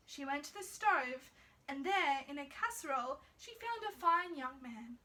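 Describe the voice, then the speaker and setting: A woman reads a fairy tale aloud in soft, measured narration. Her voice is very high and bright. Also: expressive. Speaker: storyteller.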